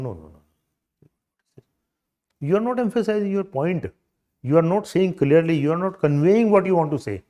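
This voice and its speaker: A man's voice: a little high, lively intonation, normal speed, pauses often, darkish tone. A man in his sixties with an Indian accent, giving an emphatic, demonstrative coaching lecture on interview skills.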